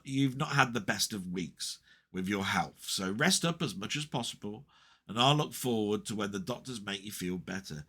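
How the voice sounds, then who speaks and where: A man's voice: lowish voice, expressive, normal speed, fairly bright tone, husky. A middle-aged man talking casually and rambling to camera about his week, heartfelt, with many fillers and restarts. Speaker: vlogger.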